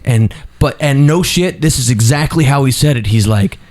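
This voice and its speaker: A man's voice: mid-range voice, animated, moderate pace, darkish tone. A young man on a podcast telling a long story in a rambling, casual way, full of fillers and restarts.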